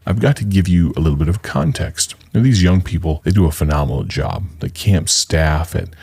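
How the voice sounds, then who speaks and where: A man in his thirties or forties with a very low, deep voice, hosting a radio ministry program. He talks in an earnest, conversational way as an evangelist, setting up a story before a sermon. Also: expressive, a little fast, vocal fry, a little mellow, breathy edge. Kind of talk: radio ministry broadcast introduction.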